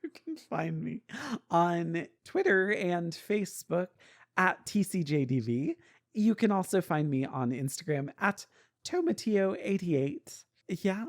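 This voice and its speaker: A man's voice: high-pitched, sing-song, measured pace. A man co-hosting a podcast, answering in a laid-back way with short, dry quips. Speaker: podcast co-host. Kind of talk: casual podcast chat.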